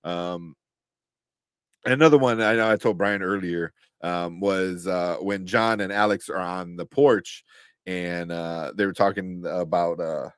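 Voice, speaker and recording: Guy cohosting a show review podcast, gets excited and laughs, dry close sound. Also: low voice, unhurried, smooth, no room sound. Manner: animated, laughs often, many fillers. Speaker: podcast co-host. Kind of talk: casual review chat.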